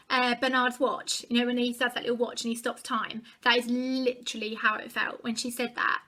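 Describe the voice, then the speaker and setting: A woman's voice: on the high side, bright, forceful tone. A young woman vlogger chattily retelling a personal story to camera, acting out the dialogue.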